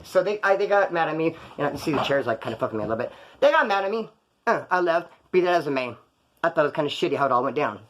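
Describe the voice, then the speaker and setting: Racing along in an animated, fairly high and slightly bright voice, a California man relives wild moments from his past. His telling is casual, slangy and profane, with impressions of the people he quotes.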